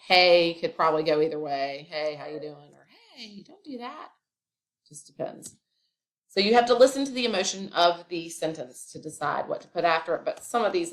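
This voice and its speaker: A woman's voice: on the low side, a bit bright. A woman teaching a grammar lesson, explaining each step in a chatty way with casual asides.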